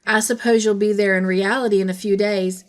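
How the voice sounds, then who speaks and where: A woman's voice: mid-range voice, steady tone, brisk, natural voice. Woman voicing dreamy young woman, flustered, stammering, storybook reading.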